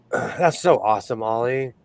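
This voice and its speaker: A man's voice: mid-range voice, lively intonation, slow pace, a little mellow, clear, resonant tone. A man from California hosting a sewing livestream, chatting casually, laughing often and reading the chat aloud.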